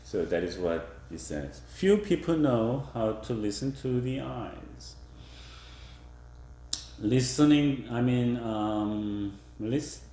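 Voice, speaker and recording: A male professor giving a classroom lecture, halting with fillers and restarts, acting out example phrases in different tones. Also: lowish voice, mellow, reverberant, slight background noise. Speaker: university professor.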